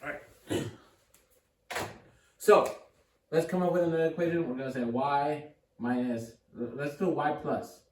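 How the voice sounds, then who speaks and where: A man's voice: fairly high pitch, a little slow, pauses often, slight background noise. A man giving a casual, upbeat math lesson at a board, thinking aloud and encouraging the viewer. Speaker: math tutor. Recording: echoey room, mic at a distance.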